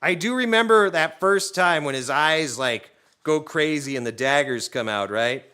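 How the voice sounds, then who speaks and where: A man's voice: on the high side, moderate pace, clean tone. A young man hosting a cooking stream from his home kitchen, chatting casually, joking and swearing as he goes. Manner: animated, swears freely, jokey tangents. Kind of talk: casual chat while cooking.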